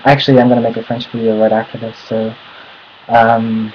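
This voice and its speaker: A young American man talking casually to camera, nervous and halting, recorded at home on a dull lo-fi mic. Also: fairly low pitch, monotone, slight background noise. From United States. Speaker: vlogger.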